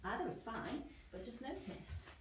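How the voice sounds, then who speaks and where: A woman teaching a floor-exercise class in an encouraging, playful way, her voice sitting a little high. She sounds set back from the mic in a very echoey room, with a faint hiss underneath. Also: big pitch swings, measured pace, recorded from a distance. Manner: encouraging, playful, laughs often. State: a little out of breath. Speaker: movement class instructor. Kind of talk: guided exercise class instruction.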